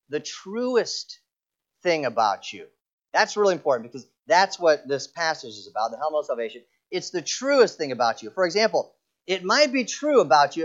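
A man's voice: fairly high pitch, fairly bright tone, muffled recording. A man preaching a sermon earnestly, often repeating a word as he restarts a phrase. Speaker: pastor.

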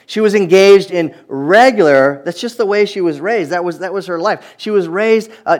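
A man preaching a sermon, reading scripture aloud and reflecting on it in an earnest manner, often repeating words as he restarts. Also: fairly high pitch.

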